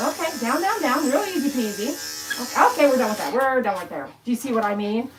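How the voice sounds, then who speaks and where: Woman groomer, a bit high-pitched, blunt and chatty, with loud clipper buzz behind her. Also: expressive, brisk, very noisy. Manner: chatty, blunt, talks to the dog and viewers. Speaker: dog groomer. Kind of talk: casual talk while grooming. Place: grooming room.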